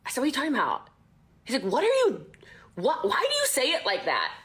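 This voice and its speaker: A woman in casual podcast talk, boastful and animated, who laughs often. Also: fairly high pitch, quick pace. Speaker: podcast guest, network marketer. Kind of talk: casual conversational storytelling.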